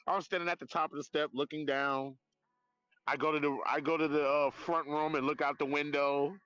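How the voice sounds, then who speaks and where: Man, live-stream chat, outdoors at night, lively rambling swearing talk, fairly high voice, dull lo-fi phone sound. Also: normal speed. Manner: animated, rambling and profane. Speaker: livestreamer.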